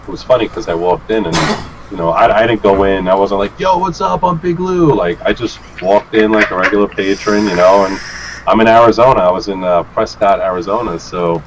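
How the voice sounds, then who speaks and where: A man with a fairly low voice, a guest who reviews vapes, spins a rambling tale in a relaxed, chatty storytelling session, talking a little fast. He's animated, jumping into other people's lines and acting out quotes with plenty of swearing and laughter. A faint hiss runs beneath the audio.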